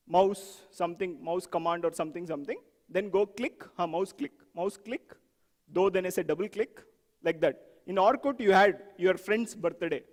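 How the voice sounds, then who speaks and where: A man giving an animated conference talk on software testing, asking the audience questions and acting out examples. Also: high voice, long reverb tail.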